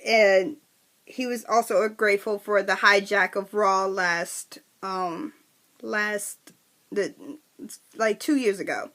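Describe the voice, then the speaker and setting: A woman giving a chatty, excitable wrestling recap to her viewers, full of restarts and fillers. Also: mid-range voice, takes it slowly. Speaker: wrestling vlogger. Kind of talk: casual recap vlog.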